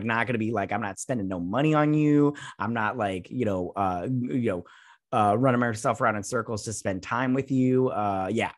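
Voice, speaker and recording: A man talks through a TV episode in a loose, rambling recap, blunt and quick to swear. His voice sits at an ordinary pitch and is recorded dry, with no room echo. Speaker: show host reviewing a TV episode. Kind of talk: casual recap and review. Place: at home with a dog nearby.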